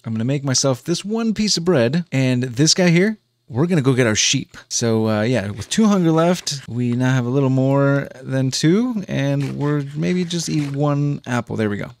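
A man's voice: mid-range voice, expressive, normal speed, darkish tone. A man giving gameplay commentary as a let's play host, chatting as he thinks aloud, often restarting sentences and chuckling.

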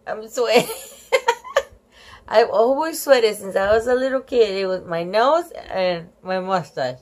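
A woman's voice: medium pitch, big pitch swings, slow pace. A woman reading a children's book aloud to camera, breaking off for giggly, chatty asides to the viewer. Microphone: camera on a tripod.

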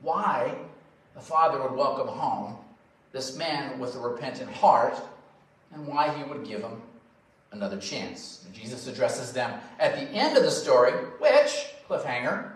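A male pastor preaching a sermon, swinging from loud emphasis to quiet, drawn-out phrases. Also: medium pitch, expressive. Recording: very echoey hall, voice from far off.

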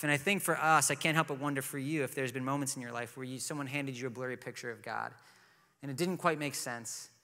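Bright-voiced pastor in a reverberant hall. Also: male voice, mid-range voice. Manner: conversational storytelling with light humor. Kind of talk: sermon. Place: church sanctuary.

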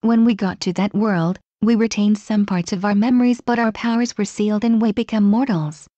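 Brief: woman reader voicing a proud male sun god, earnest, mellow tone, dry sound. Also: mid-range voice, steady tone, moderate pace, dry recording, dull audio, close to an everyday voice. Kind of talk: reading a fan story aloud.

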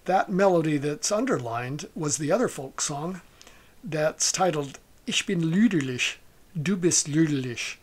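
A man giving a music lecture, speaking haltingly with many fillers and soft asides. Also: fairly high pitch, lively intonation, breathy edge. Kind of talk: lecture on a recording.

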